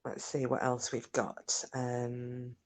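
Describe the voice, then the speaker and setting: A woman's voice: very deep voice, completely flat delivery, takes it slowly. A woman hosting a live stream, chatting casually with viewers and telling stories in a chatty, self-mocking way and swearing freely. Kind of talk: casual chat and storytelling with viewers.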